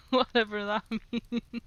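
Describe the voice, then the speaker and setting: A woman's voice: a little high, a bit bright, lo-fi sound. A woman streaming herself practicing on a language app, native Norwegian speaker, giggling often and joking with her chat. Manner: giggly, self-mocking, chats with viewers. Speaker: livestreamer. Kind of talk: casual livestream chat while playing a language app.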